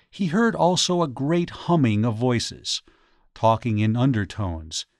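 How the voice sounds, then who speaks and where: A man's voice: mid-range voice, dry recording, studio quality. Man narrating a ghost story. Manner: measured storytelling. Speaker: audiobook narrator. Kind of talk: scripted narration.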